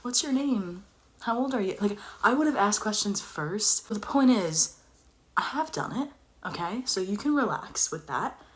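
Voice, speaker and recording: A young woman telling a personal story in casual chat, animated and dropping into whispers for emphasis. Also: medium pitch, moderate pace.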